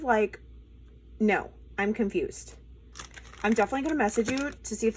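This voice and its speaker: A woman hosting a casual crafting unboxing, excited and gushing, with frequent fillers. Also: on the high side, moderate pace, pauses often, a little hiss or hum. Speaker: crafting channel host.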